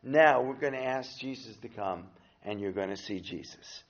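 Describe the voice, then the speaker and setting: A man doing a brisk ex-sailor minister. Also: fairly low pitch, dull audio, natural voice. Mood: commanding. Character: commanding male minister, ex-sailor, playful.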